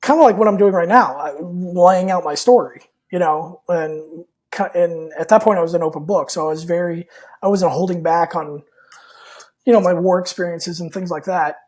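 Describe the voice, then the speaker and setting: A man's voice: high-pitched, moderate pace, darkish tone. A man guest on a podcast telling a personal story in a candid, rambling way, full of fillers and repeated words. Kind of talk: casual storytelling in an interview.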